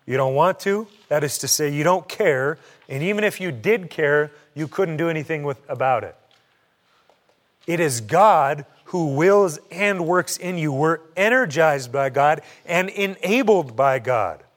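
A male pastor delivering a sermon in a slightly high voice. He leans on short, repeated phrases to drive his points home. He keeps asking his listeners rhetorical questions. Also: lively intonation, unhurried, a bit bright. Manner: asks the congregation rhetorical questions.

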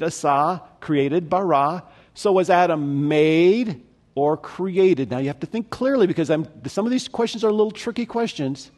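High-voiced man teaching a sermon. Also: a little mellow. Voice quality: conversational, asks the audience questions. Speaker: preacher.

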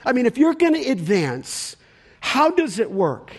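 A man teaching scripture as a pastor, emphatic and repetitive for stress, pausing to ask the audience to fill in words. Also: very high-pitched, huge pitch swings, breathy edge. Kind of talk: expository Bible teaching.

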